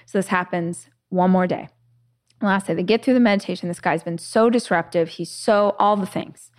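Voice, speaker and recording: In casual conversation, a woman hosting a podcast tells stories at normal speed in a voice on the low side. She's chatty, leaning on fillers, plenty of "like"s, and frequent restarts.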